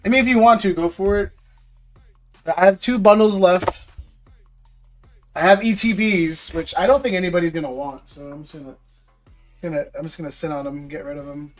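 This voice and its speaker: High-voiced laid-back guy streaming. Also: fairly even intonation, moderate pace, pauses often, soft background music. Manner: laid-back, talks to viewers as bro. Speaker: livestream card seller. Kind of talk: casual live-stream chat.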